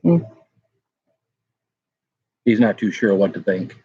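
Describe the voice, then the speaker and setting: Here the same kind of home livestream host, a middle-aged man, speaks slowly in a fairly low, mellow, sing-song voice with a breathy edge. He chats loosely, leaning on fillers while going through viewer comments, and the lo-fi recording is dry and dull with no room sound.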